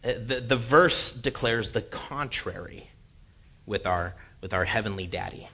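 A man preaches while telling a funny childhood story, animated and self-mocking, often stumbling over his words. His voice is fairly low but bright and forward. The recording sounds dull and lo-fi, with a faint hiss. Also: a little slow, vocal fry, husky. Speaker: pastor. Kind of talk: sermon with personal storytelling.

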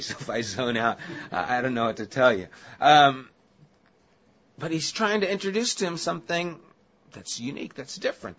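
A man's voice: mid-range voice, a bit bright, lo-fi sound. A male pastor giving a conversational Bible-study sermon, casual and chatty, with asides to the listeners.

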